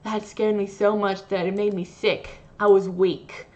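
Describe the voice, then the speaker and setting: A woman's voice: mid-range voice, a little slow, highs cut off. Woman gamer reading a visual novel. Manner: animated, playful dramatic reading.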